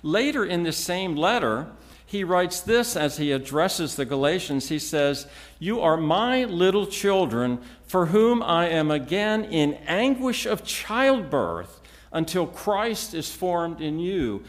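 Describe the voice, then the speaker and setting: Slow, lively-pitched male preacher. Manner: measured, emphatic teaching with frequent restarts. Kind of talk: expository sermon.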